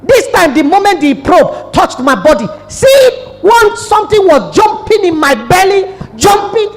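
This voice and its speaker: A middle-aged Nigerian woman pastor preaches a sermon, telling a story with animation and acting out the dialogue. She speaks unhurriedly in a very high-pitched voice, and the recording has long hall reverb.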